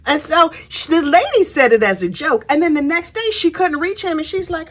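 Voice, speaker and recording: A woman's voice: very high-pitched, expressive, a little fast, hardly any pauses, fairly bright tone. A woman giving a sassy, chatty, casual recap of a trial, acting out the people she quotes. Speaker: true crime commentator. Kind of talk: casual true crime recap.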